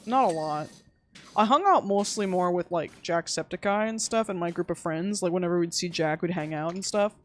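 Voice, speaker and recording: A woman's voice: lowish voice, normal speed. A young woman live-streaming a game, chatting casually and teasing her chat with frequent giggles.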